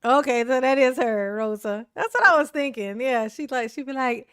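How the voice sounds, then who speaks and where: A woman's voice: high voice, normal speed, clean tone, no room sound, clean studio sound. A woman hosting casual online commentary, chatty and slangy, laughing often and talking back to what she watches.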